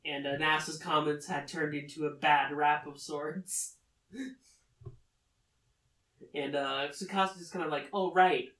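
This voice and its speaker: A man recaps a story casually, rambling with frequent filler pauses. His voice is a little higher than most men's. It sounds roomy and comes from some distance off the mic. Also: steady tone, bright, forceful tone. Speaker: anime recap host.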